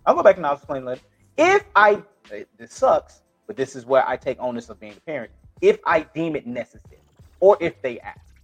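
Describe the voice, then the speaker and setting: A man with a fairly high, sing-song voice speaks a little fast as co-host of a casual podcast discussion. He talks bluntly and profanely, often restarting his sentences, over soft background music.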